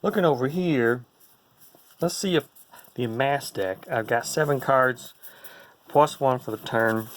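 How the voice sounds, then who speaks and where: A man's voice: mid-range voice, a little slow, pauses often. A man casually commenting on a card game playtest in a playful, goofy way, full of jokes and silly asides. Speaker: card game player and host.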